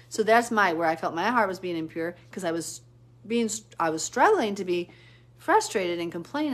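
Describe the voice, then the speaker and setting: Woman, lower pitch, casual live-stream chat, rambling, animated. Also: moderate pace. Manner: chatty and rambling, answering viewer comments; animated storytelling with sudden pitch jumps. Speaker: Bible teacher hosting a live stream.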